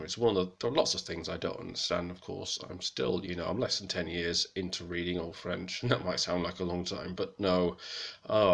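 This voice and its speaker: A man giving a casual, hesitant lesson on an old text, with many pauses and self-corrections. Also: low-pitched, creaky, a bit bright. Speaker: hobbyist presenter of Old French texts.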